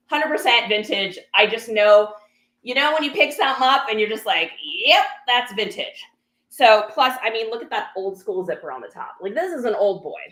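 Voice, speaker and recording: A woman reseller tells her viewers a story, talking casually and acting out other people's lines. Her voice sits high and swings widely in pitch. The room around her sounds echoey. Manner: animated, acts out other people's lines in quotes. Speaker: reseller sharing a garage sale haul.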